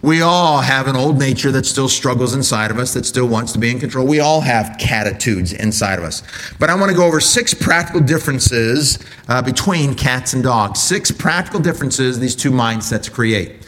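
A man preaching a sermon, asking the congregation rhetorical questions and swinging between loud enthusiasm and low, earnest tones. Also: lively intonation, moderate pace.

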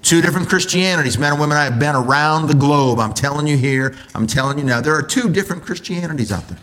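Guy giving a sermon, lots of yes-or-no questions to the room, goes big then quiet. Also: quick pace. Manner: animated, swings from loud mock-enthusiasm to low earnest tones; addresses congregation with rhetorical questions. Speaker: preacher.

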